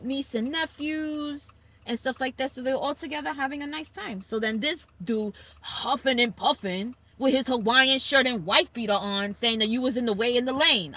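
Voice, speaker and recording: A woman from Brooklyn with a New York accent, hosting a casual family chat in a car and telling stories with emphatic energy and acted-out quotes. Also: high-pitched. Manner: animated storyteller, acting out quoted people, emphatic. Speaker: podcast host. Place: car on a school commute.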